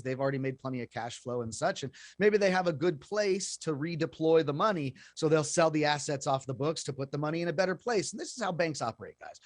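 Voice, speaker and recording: Chatty male talk-show host, slightly high. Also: no echo, studio quality. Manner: chatty, repeats words, addresses folks. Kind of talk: explaining investing to listeners.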